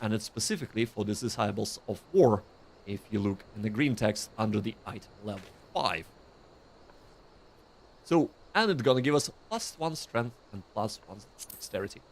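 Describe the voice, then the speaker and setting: A man's voice: lowish voice, expressive, normal speed, a little hiss or hum. A man giving casual, chatty commentary on his own gameplay, self-deprecating and prone to restarts. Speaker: streamer.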